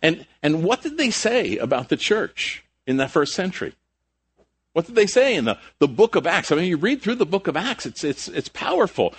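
A man delivering a sermon, his voice sitting a little higher than most men's. He preaches emphatically, firing off rhetorical questions and often restarting his phrases. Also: husky. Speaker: pastor.

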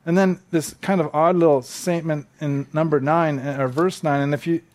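A man's voice: fairly high pitch, fairly even intonation, moderate pace, darkish tone. A man preaching a sermon, telling stories conversationally and acting out quotes with animation. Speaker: pastor. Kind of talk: sermon with storytelling.

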